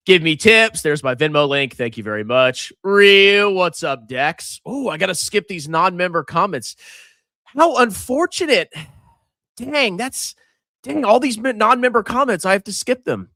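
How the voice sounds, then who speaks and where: A man doing loud, sarcastic reaction commentary as a finance channel host, reading out and mocking viewer comments. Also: high voice, animated, a little slow, no room sound, clean studio sound.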